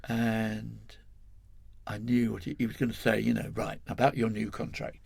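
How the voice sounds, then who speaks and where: A man's voice: fairly low pitch, flat delivery, moderate pace, creaky, breathy edge. An older man from England, a guest in an interview, telling a long story in a rambling, self-correcting way, chuckling as he goes.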